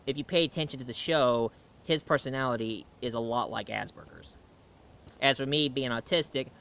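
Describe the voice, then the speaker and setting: A man's voice: medium pitch, pushed and bright, clean tone. A man giving a casual film and comic review, rambling along with many fillers and restarts.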